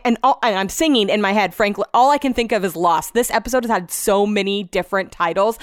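Woman, podcast host, high voice, frank and profane, laughing at herself, dry close sound. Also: a bit bright, clear, resonant tone, dry recording. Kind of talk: candid solo podcast storytelling. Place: home office.

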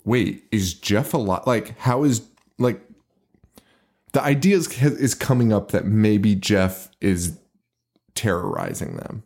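A man's voice: lowish voice, slow, gravelly, pauses often. A man co-hosting a podcast, laughing a lot and swearing as he retells scenes. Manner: laughs often, profane, animated retelling. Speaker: podcast co-host. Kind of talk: casual podcast chat.

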